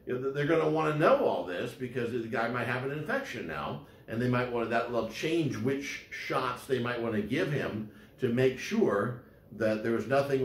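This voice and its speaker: A man's voice: medium pitch, echoey room, slight background noise. A man lecturing casually on law, rambling with frequent fillers and restarts.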